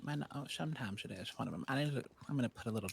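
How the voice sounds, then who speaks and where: A man voicing a prim, scheming old granny in a western role-play game, with a creaky, raspy voice. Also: very fast, slight background noise, close to an everyday voice. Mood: storytelling. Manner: prim and sing-song, with big pitch swings. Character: scheming old granny who wants to kill someone. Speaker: streamer, role-play player.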